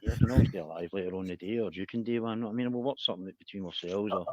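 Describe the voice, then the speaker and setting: A man's voice: fairly low pitch, very fast, muffled recording, a crowd in the background. A man, hosting a casual livestream chat, rambling, laughing and swearing a lot. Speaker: livestream host.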